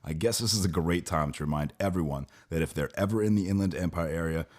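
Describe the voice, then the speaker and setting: A man's voice: low-pitched, quick pace, darkish tone. A man doing a playful, hammy sponsor read on a podcast. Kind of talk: mock ad read.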